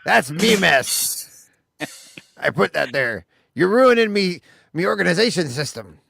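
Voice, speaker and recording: A man putting on a high, gravelly pirate voice. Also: big pitch swings, a little slow, a bit bright, no echo, clean studio sound, heavily acted. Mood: mock indignant. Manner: mock-offended pirate talk. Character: playful male pirate, grumbling about his mess.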